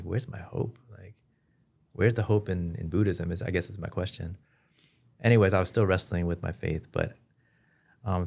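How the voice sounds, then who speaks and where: A man as a podcast guest, telling his personal story in an earnest, halting way with frequent restarts. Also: deep voice, creaky. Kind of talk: personal testimony in an interview.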